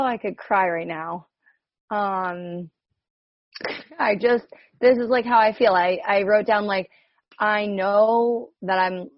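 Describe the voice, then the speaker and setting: A woman's voice: mid-range voice, no echo. A rambling, self-questioning woman from New Jersey, sharing openly on a group video call. She speaks with many "like"s and laughs often, in a dry, close voice. The video-call audio is slightly dull. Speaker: coach.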